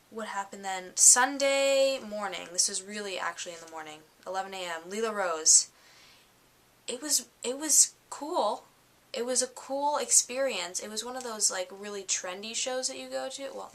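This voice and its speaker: Chatty, bright-voiced tired young woman. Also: lowish voice. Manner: chatty and excitable, lots of fillers. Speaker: fashion vlogger. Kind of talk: casual vlog recap.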